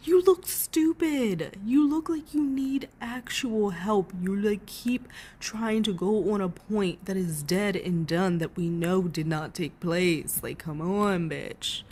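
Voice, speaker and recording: A woman's voice: on the low side, dark tone, slight background noise. A woman giving a profane, ranting reaction commentary, swearing heavily as she talks.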